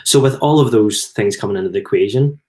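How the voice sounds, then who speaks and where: A man's voice: fairly low pitch, fast, darkish tone. A middle-aged man with a Belfast accent, telling rambling anecdotes in a casual talk to camera. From Belfast, Northern Ireland. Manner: rambling, anecdotal, chuckles at own stories. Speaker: host, former footballer.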